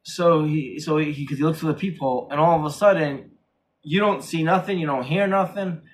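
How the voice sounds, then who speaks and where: Speaking at a moderate pace in a voice on the high side, this podcast co-host reviews a horror film casually. He wanders through scene recaps, voicing the characters' dialogue as he goes.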